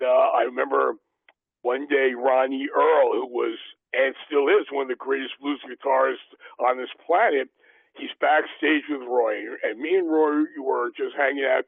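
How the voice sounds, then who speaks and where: An older man telling rambling stories as a podcast host, halting with many fillers and restarts, heard over a tinny, dry, phone-like line. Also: mid-range voice, no room sound. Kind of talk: anecdotal interview storytelling.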